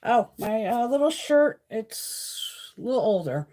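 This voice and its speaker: A woman's voice: fairly high pitch, sing-song, a little slow, warm tone. A middle-aged woman chatting casually and profanely on a beauty live stream, laughing often.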